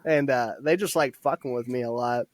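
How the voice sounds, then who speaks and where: A man's voice: medium pitch, moderate pace, no echo. A young man in his twenties, a podcast guest telling casual stories about his army training, laughing often and swearing freely. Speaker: podcast guest, former soldier. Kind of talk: casual storytelling.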